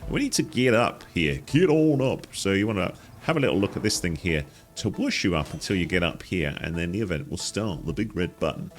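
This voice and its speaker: A man talks viewers through a video game in a playful, animated way. His voice sits low but swings widely in pitch, and faint music plays under it. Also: fairly quick, few pauses. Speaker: gaming guide host. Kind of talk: game walkthrough commentary.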